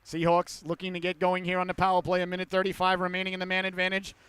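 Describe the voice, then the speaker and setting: A man calling a youth hockey game play-by-play, with rapid calls that rise to excited shouts on goals. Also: sits high, smooth, dry recording. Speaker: play-by-play commentator.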